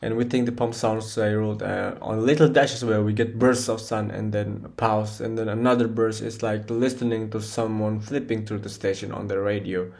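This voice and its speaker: Low-voiced guy, indonesian first language, giving a class talk on a poem, lots of uhs and restarts, a bit out of breath. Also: steady tone, vocal fry, a little mellow. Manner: halting, with many fillers and restarts. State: short of breath. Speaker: student presenting a poem analysis. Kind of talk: recorded class presentation.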